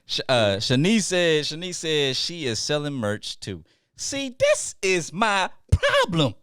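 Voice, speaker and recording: A man's voice: on the high side, wildly swooping pitch, slow pace, fairly bright tone, clear, resonant tone, dry recording, studio quality. A man hosting a casual podcast chat, ranting emphatically and repeating his lines for effect as he riffs with his co-hosts around a table. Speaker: podcast host.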